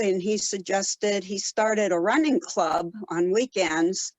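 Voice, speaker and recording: A woman in her seventies from Colorado, telling stories in a casual interview with many pauses and fillers. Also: mid-range voice, no room sound, rough recording. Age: 70s. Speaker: guest, ultrarunner.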